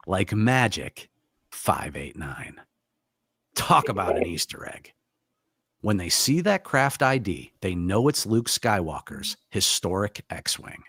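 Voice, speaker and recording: A man's voice: on the low side, a bit bright, husky, no echo, clean studio sound. A man narrating a scripted theory segment in a dramatic, persuasive way. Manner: dramatic, building a conspiracy case.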